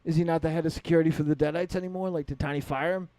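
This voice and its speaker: A man's voice: on the high side, fairly even intonation, racing, warm tone, dry recording. A man co-hosting a podcast, teasing the others and sounding exasperated. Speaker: podcast co-host. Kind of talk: casual banter.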